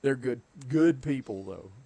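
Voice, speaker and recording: Gravelly Southern US man chatting. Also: mid-range voice, animated, unhurried, dark tone. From southeastern United States. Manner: chatty storyteller, chuckles often. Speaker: game streamer. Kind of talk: casual chat while gaming.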